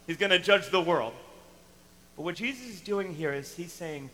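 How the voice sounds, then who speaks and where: A man preaching a sermon to a congregation, animated and emphatic, acting out the lines he quotes. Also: sits high, normal speed, long reverb tail, a little hiss or hum, low-quality recording. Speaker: pastor.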